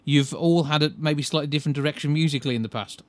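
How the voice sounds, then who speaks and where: A man's voice: on the high side, no room sound. A man hosting a podcast, chatting casually and restarting his sentences as he goes. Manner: chatty, quick with hesitant restarts. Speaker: podcast host. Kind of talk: casual interview chat.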